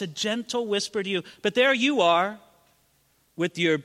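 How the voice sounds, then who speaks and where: A high, bright male preacher delivers a sermon in a big hall with a long reverb tail. His voice climbs to ringing exclamations, then drops to hushed, intimate lines. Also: brisk. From California. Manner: dramatic, swings from loud exclamations to hushed near-whispers. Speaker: pastor.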